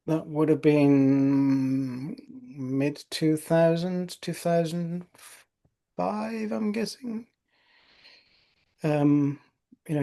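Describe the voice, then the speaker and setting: A middle-aged male osteopath recounting patient cases in a relaxed podcast conversation, full of fillers like "you know". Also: a little high. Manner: conversational storytelling with frequent fillers.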